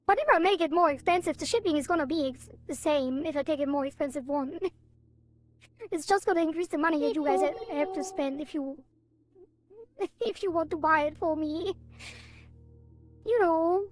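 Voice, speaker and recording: A woman's voice: sits high, normal speed, long pauses. A woman streaming a game, chatting casually with her viewers in a rambling, giggly way with playful sound effects. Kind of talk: casual live-stream chat.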